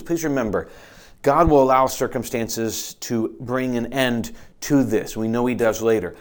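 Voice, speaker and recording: A middle-aged man preaching a sermon in an unhurried way, often repeating words and rising in pitch and volume when he reads scripture aloud. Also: fairly even intonation, clean tone. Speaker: pastor.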